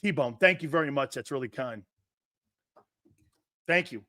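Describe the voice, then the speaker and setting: A man doing crude, sarcastic sports talk, mimicking others in jeering voices and laughing often, swinging between loud outbursts and low mutters. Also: unhurried, no echo, clean studio sound. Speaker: sports commentator.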